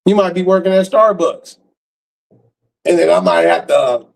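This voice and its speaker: A man's voice: high-pitched, measured pace, gravelly, rough recording. A man ranting on his stream in a blunt, harsh way, cursing freely. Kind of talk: profane casual rant.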